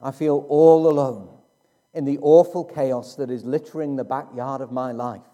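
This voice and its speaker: A man preaching a sermon in a slow, emphatic way with dramatic pauses. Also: mid-range voice, steady tone, mellow.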